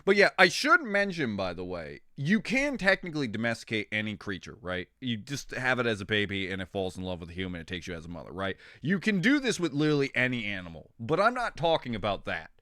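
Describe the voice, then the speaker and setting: A young man chatting with his stream in a loose, rambling way, swearing and getting excited over odd facts. His pitch swings up and down a lot. The sound is dry and close, with no room around it. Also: fast, hardly any pauses, dry recording. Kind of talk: casual chat with stream viewers.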